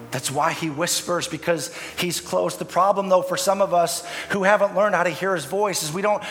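A male pastor preaches with passion in a high voice, dropping soft and then rising loud. His sermon echoes with a long reverb through a church hall. Soft music plays beneath. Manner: impassioned, swings from hushed to loud.

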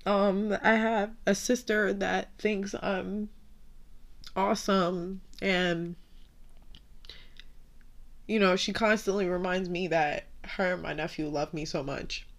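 A woman's voice: mid-range voice, fairly even intonation, slow pace, long pauses. A young woman hosting a podcast, telling a painful personal story with candid swearing while fighting back tears. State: tearful. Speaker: podcast host.

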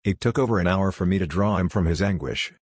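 A man narrating a first-person horror novel in a measured, grave way. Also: low-pitched, husky, no room sound, clean studio sound. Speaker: audiobook narrator.

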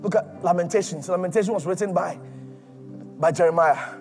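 A man preaching a sermon with impassioned, repetitive phrasing that swings between loud cries and near-whispers. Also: high-pitched, brisk, pauses often, music in the background.

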